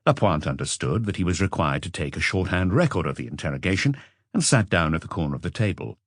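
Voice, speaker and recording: A man narrates a mystery novel in a calm, measured reading style. His voice is very deep. The recording is close and dry. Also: husky, no echo. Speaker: audiobook narrator. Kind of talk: scripted narration.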